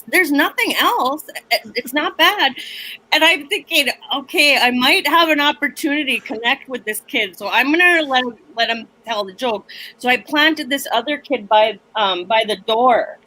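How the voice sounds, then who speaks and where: A woman comedian and teacher telling a story on a video call, animated and laughing, acting out voices. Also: high voice, normal speed, rough recording. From Minneapolis area.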